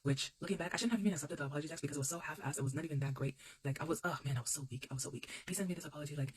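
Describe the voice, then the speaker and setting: A woman rattles through a story from her own life at a quick clip. Her voice is husky. She talks bluntly, swears freely and repeats her punchlines for emphasis. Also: sits low, rough recording. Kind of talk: casual storytime monologue.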